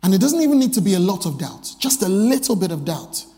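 A middle-aged man preaching a sermon, telling family stories and often changing his pitch and voice to act out the people he quotes. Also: quick pace. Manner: animated, breaks into pitched voices for quoted characters. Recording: long hall reverb.

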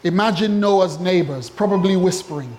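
Man preaching, high voice, lively, joking asides. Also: normal speed, slight background noise. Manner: animated, humorous preaching with asides and acted-out quotes. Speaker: pastor. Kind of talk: sermon.

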